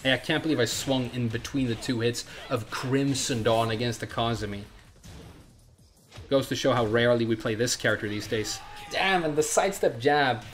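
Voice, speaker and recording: A man's voice: medium pitch, faint music behind. A man with a cold, casually commentating his gameplay on stream, swearing and trash-talking as he plays. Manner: profane, trash-talking, quick asides. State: congested from a cold. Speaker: game streamer.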